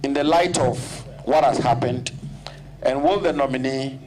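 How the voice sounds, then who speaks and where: Male committee member, medium pitch, deliberate and repetitive, with clear room noise. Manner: deliberate, repeats points for emphasis. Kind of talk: formal parliamentary questioning.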